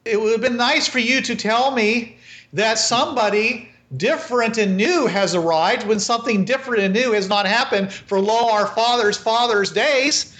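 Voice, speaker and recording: A man voicing a bold, sharp-tongued peasant woman who speaks with sarcasm and old-fashioned phrasing. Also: very high-pitched.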